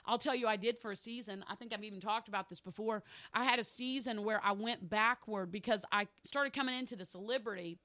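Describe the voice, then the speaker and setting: A woman's voice: on the high side, brisk, few pauses, pushed and bright, dry recording, studio quality. A middle-aged woman pastor preaching a sermon, telling a candid personal story and repeating phrases for emphasis.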